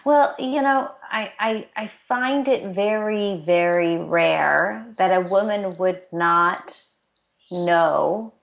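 A woman who trains public speakers talks as a podcast guest in a casual interview, warm and earnest, sprinkling in plenty of "like" and "you know." Her voice is lowish and slow with vocal fry, on a lo-fi recording.

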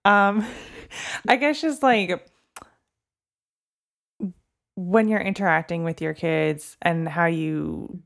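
Woman asking questions real slow, gravelly low voice, kinda hesitant. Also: fairly even intonation. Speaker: interviewer. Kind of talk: interview questions.

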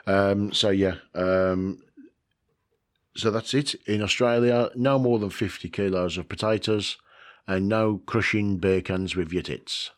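A man's voice: low voice, steady tone, unhurried. A man, chatting casually in a rambling way, with chuckles, swearing and lots of fillers. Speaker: vlogger. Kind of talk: casual chat.

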